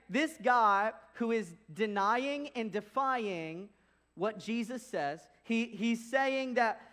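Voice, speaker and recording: A young man preaching a casual, lively sermon as pastor, acting out quoted voices as he goes. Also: sits high.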